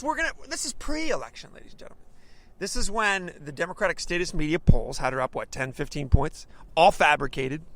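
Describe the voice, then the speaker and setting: A man's voice: high-pitched, pushed and bright. A man hosting a talk show, delivering an emphatic, ranting political commentary monologue full of stumbling restarts.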